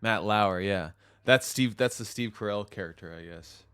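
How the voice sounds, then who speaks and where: A man's voice: on the low side, normal speed, fairly bright tone, clean tone. Profane, laughing American podcast guy. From United States. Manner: loose, profane, laughing a lot. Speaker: podcast co-host. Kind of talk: casual banter.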